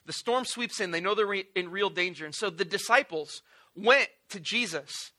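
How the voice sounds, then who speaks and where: A man preaching a sermon in a casual, animated storytelling way with playful asides. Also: sits high, moderate pace. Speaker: pastor.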